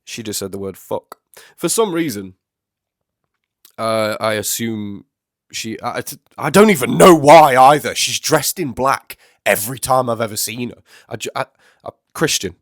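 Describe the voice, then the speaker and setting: Guy with a stuffy nose from the flu, chatty rambling reaction talk, lowish voice, dry close sound. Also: lively intonation, unhurried, a bit bright, dry recording. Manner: chatty, rambling, self-correcting. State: congested, getting over flu. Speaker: music reaction host. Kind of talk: casual reaction commentary.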